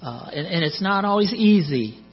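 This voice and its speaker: A man's voice: high voice, lively intonation, normal speed, breathy edge, faint music behind. A middle-aged man preaching a sermon in a conversational way, with joking asides, on a muffled recording with mains hum.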